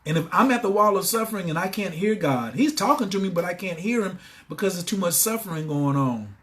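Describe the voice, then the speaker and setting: Guy with a high voice preaching self-help on a stream, keeps repeating himself. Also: a little fast. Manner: preachy, repetitive, bursts into excited shouting. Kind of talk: motivational livestream talk.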